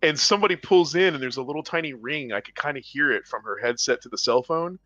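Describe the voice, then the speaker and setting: A man with a bright, forceful voice chats casually as he hosts a gaming podcast, spinning a long, rambling story full of quoted bits. The mic sounds dull and dry, with faint game music behind him. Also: medium pitch, quick pace, no echo. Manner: rambling, animated anecdotes with laughs and put-on quotes. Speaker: podcast host and game commentator. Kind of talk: casual chat and storytelling over gameplay.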